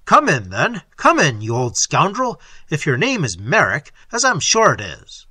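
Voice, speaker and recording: A man reading aloud voices a hearty, florid middle-aged Welsh countryman with a Welsh accent, calling out loudly and cheerfully. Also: huge pitch swings, normal speed, husky, dry recording, heavily acted. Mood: jovial. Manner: booming, jovial.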